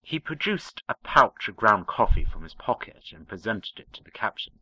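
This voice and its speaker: A man reading fan fiction aloud, narrating in a measured, expressive way. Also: fairly low pitch, slightly rough, no room sound, low-quality recording. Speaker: story reader.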